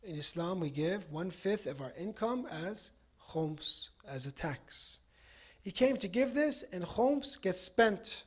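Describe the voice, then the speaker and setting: A man preaching at a mosque on a Ramadan night. He tells a story in a relaxed, conversational way, with many "you know" asides, and closes with a prayer. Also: high voice, takes it slowly, slightly rough. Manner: ends with a supplication. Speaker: cleric giving a Ramadan night talk. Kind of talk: sermon with storytelling.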